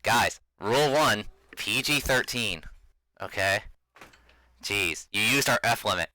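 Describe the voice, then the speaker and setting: Deep-voiced, laid-back man hosting a game. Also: lively intonation, slow, bright, forceful tone, poor audio. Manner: laid-back, laughs often, many fillers. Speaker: game master and host. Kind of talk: casual chat introducing a tabletop game.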